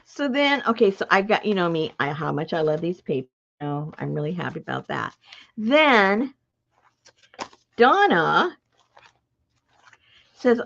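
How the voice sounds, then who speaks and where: A woman hosting a live craft stream, chatting with viewers in an excitable, talkative way. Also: on the low side, a little slow, vocal fry, pauses often, slight background noise. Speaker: craft channel host. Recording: dull lo-fi live-stream audio.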